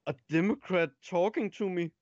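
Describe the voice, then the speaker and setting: Halting man on a dull remote mic. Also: high voice, darkish tone, dry recording. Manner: joking, halting, restarts sentences. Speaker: stream guest. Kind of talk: casual chat.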